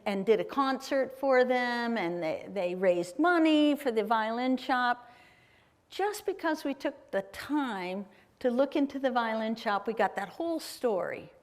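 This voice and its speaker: Slow, chatty woman in a big hall. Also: a little high. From Ohio, USA. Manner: chatty, enthusiastic, addresses the audience with questions. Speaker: guest speaker. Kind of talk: live travel presentation with slides. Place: performing arts center auditorium. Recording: long reverb of a large hall. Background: live audience in a hall.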